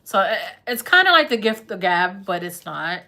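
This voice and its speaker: A woman's voice: medium pitch, very animated, normal speed, sharp tone. A woman doing a live tarot reading in a chatty, laughing, slangy way. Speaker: tarot reader.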